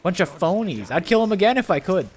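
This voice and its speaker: A man streaming a game live, chatting excitably and rambling with restarts, his voice jumping up on exclamations. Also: quick pace, slight background noise. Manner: excitable, jumps up in pitch on exclamations. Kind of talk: live gameplay commentary.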